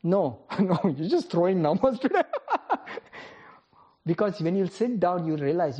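A woman's voice: on the low side, big pitch swings, unhurried, dark tone, husky, dull audio. A woman preaching a sermon, firing rhetorical questions at the congregation, calling on people by name and laughing often between points.

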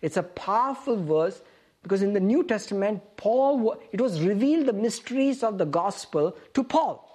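A woman's voice: medium pitch, expressive, normal speed, warm tone, slightly rough. A woman preaching a sermon, reading scripture aloud and asking the congregation questions.

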